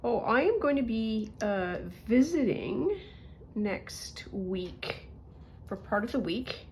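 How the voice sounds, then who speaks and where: A woman's voice: on the high side, expressive, slow pace, darkish tone, a little hiss or hum. A woman chatting casually to her viewers while she crafts, thinking aloud and joking about herself. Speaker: crafting vlogger. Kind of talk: casual crafting chat to camera.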